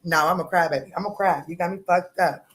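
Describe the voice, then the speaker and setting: Speaking quickly with a steady tone, this woman runs a tarot livestream. She chats casually, loudly and crudely, laughs a lot, and her pitch leaps without warning.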